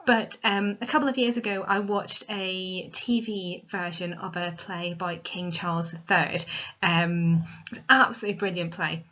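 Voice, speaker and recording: A woman teacher giving a recorded literature lesson, explaining step by step in a clear, methodical way. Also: on the low side, steady tone, normal speed, sharp tone. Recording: dull lo-fi recording.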